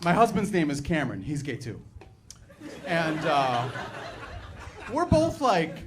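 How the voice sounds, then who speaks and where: A middle-aged man doing a stand-up comedy set on a club stage, telling stories in a chatty, animated way full of "like" and "right". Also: on the high side, measured pace. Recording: live club recording, background noise.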